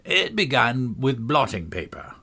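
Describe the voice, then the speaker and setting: A man's voice: medium pitch, big pitch swings, moderate pace, fairly bright tone, pitched above the performer's own voice. A man reading a storybook, voicing a clumsy, earnest old knight who rambles on solemnly about his inventions. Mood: earnest, rambling.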